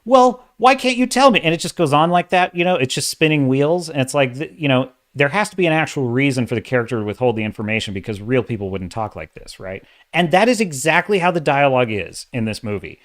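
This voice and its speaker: Male commentary host, casual rant, exasperated and animated, uneven bursts of speech. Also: mid-range voice, quick pace, few pauses. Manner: opinionated, exasperated, talks in bursts with restarts. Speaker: host of a sci-fi and fantasy commentary channel. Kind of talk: casual ranting commentary livestream.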